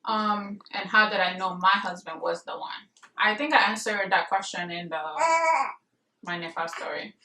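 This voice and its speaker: A woman's voice: mid-range voice, steady tone, moderate pace, pushed and bright. A young woman vlogger giving casual marriage advice, rambling with many fillers and speaking bluntly and emphatically. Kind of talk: casual advice chat to camera. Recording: echoey room, voice a bit far from the mic.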